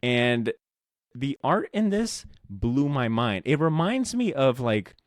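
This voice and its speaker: Chatty, swearing comics fan, dry sound. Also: male voice, mid-range voice, takes it slowly, no echo. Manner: rambling, animated, swears casually, lots of fillers. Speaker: podcast co-host. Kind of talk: casual chat about comics.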